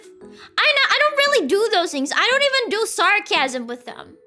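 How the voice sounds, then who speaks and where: A woman's voice: extremely high pitch, big pitch swings, normal speed, sharp tone, faint music behind. A young woman streamer chatting casually and reading chat, rambling and laughing, insisting with repeats.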